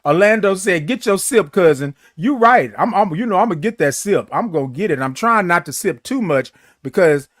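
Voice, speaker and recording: A man's voice: high-pitched, animated, normal speed, few pauses, fairly bright tone, no room sound, clean studio sound. A man hosting a morning livestream, chatting casually with viewers in a playful, flamboyant way and stretching out his greetings. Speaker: host of a morning livestream show. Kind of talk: casual livestream chat reading viewer comments.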